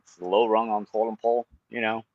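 Low-voiced guy telling fight stories, swears a lot, dry dull lo-fi sound. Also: fast. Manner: animated storytelling, swears often. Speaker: guest, kickboxer and Muay Thai instructor. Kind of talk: casual podcast chat.

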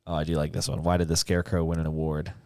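A man's voice: a bass voice, level tone, rapid-fire, a little mellow, no room sound, studio quality. A man co-hosting a casual podcast who laughs often and reads chatbot jokes aloud. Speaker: podcast co-host. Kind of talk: casual chat.

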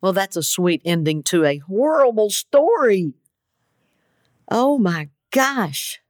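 A woman hosting a podcast, chatting casually with quick reactions. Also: medium pitch, very animated, dry recording, clean studio sound. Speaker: podcast host.

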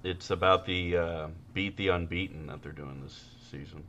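A man's voice: low voice, steady tone, moderate pace, bright, forceful tone, dull audio. A man co-hosting a podcast, trading profane jokes in casual chat and often laughing. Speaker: podcast co-host.

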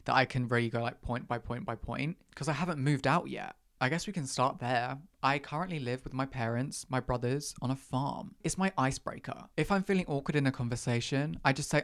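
A young man talks through a casual podcast chat at a mid pitch. He is chatty and self-mocking, and his voice often springs up high in pitch before it settles back down. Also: a little fast, fairly bright tone. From England. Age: young adult. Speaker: podcast host.

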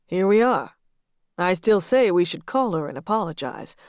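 A woman's voice: fairly low pitch, lively intonation, normal speed, a little mellow, no echo, clean studio sound, natural voice. Woman voicing a hesitant, uneasy man. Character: hesitant man, narrator's younger self.

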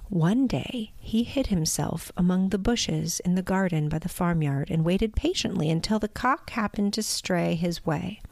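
A woman reading a storybook aloud in a measured, expressive way. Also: lowish voice, no echo. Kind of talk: scripted storybook narration.

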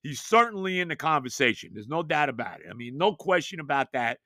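A man's voice: on the high side, very animated, quick pace, pushed and bright, no room sound, clean studio sound. A man in his later years hosting a sports podcast, talking casually and with emphasis, often asking rhetorical questions. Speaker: podcast host.

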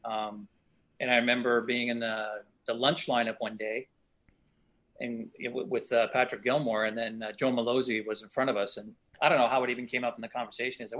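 A middle-aged actor sits down for a relaxed interview, speaking in an ordinary mid-pitched voice. He spins lively stories from set, slipping briefly into other people's voices as he quotes them. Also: quick pace. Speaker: actor guest. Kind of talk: casual interview storytelling.

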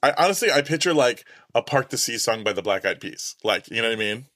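A man's voice: mid-range voice, quick pace. Playful male podcast co-host. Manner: animated, laughs often, playful asides. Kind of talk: casual podcast chat.

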